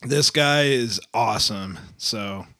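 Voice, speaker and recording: A man's voice: fairly low pitch, takes it slowly, sharp tone. A man co-hosting a casual podcast chat over beers, joking, laughing often and rambling with lots of fillers. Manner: laughs a lot, jokey, rambling with many fillers. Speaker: podcast co-host.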